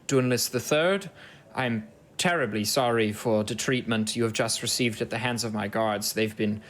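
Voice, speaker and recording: A man voicing a formal, courteous male Triton chief royal guard in a tabletop game, speaking slowly and apologetically. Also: fairly low pitch, a bit bright, close to an everyday voice.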